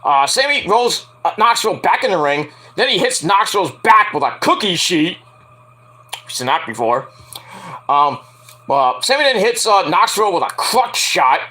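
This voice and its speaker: Man, casual wrestling review, swearing, rambling, high voice, bright and sharp. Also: sing-song, moderate pace. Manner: profane, rambling, acts out quotes with yelps.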